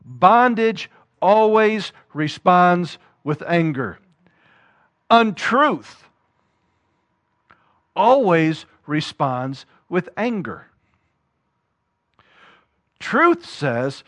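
A man's voice: sits high, very animated, drawn-out words, pauses often, a bit bright. A man preaching a sermon, reading scripture and acting out voices with questions to the congregation.

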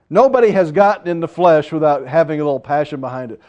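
High-voiced impassioned male preacher. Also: animated, quick pace, few pauses. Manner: impassioned, swinging between loud urging and hushed asides. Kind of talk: sermon.

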